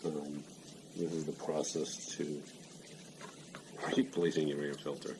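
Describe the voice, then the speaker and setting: Working on a motorcycle in his noisy home garage, a middle-aged man with a very deep voice explains each repair step in a casual how-to demonstration. He breathes heavily the whole time and talks plainly and practically, with a flat delivery at a slightly slow pace.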